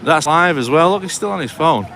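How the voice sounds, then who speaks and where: A man's voice: a little high, animated, a little fast, creaky, a bit bright, a little hiss or hum, rough recording. A man filming and live-streaming police outdoors on a town street by a railway station, indignant and repetitive as he argues.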